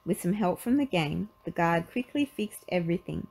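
A woman reading a children's picture book aloud in an expressive storytelling manner. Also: on the low side, moderate pace, gravelly, husky, low-quality recording.

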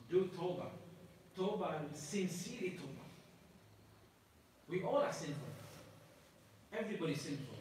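A man's voice: a little high, a little hiss or hum. A man preaching and leading supplications at night prayers, passionate and pleading. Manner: impassioned, pleading. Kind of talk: sermon and supplication. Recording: echoey hall from far off.

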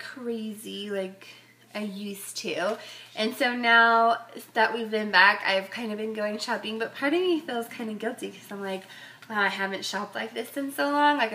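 A woman's voice: mid-range voice, pushed and bright. A middle-aged woman chatting casually in a fashion haul vlog, rambling and filling her talk with "like" and "um". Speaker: fashion vlogger.

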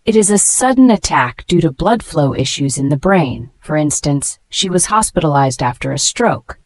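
A woman reading a scripted vocabulary lesson, spelling each word letter by letter and slowing down to pronounce it, with praise for the learner between words. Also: low voice, lively intonation, no room sound. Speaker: English vocabulary teacher.

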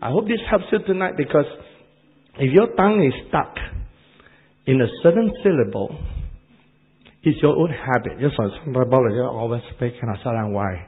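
A man with an Asian accent preaching a sermon, animated and repetitive, laughing at his own jokes. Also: mid-range voice, normal speed, long pauses, phone-quality sound.

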